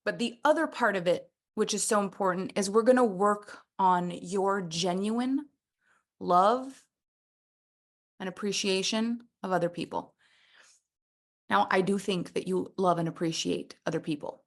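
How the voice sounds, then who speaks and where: A woman coaching a personal development workshop, animated and playful, acting out little scenes as she teaches. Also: medium pitch, moderate pace.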